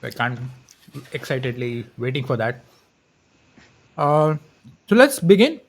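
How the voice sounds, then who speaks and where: A man co-hosting a casual live-stream chat, talking haltingly with frequent restarts and small laughs. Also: mid-range voice, big pitch swings. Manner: hesitant, many restarts and laughs. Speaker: podcast co-host.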